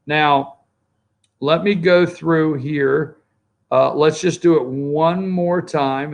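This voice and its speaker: Gravelly man hosting morning talk. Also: mid-range voice. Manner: rambling, conversational, talks to producer off-mic. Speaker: host. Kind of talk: opinion talk show commentary.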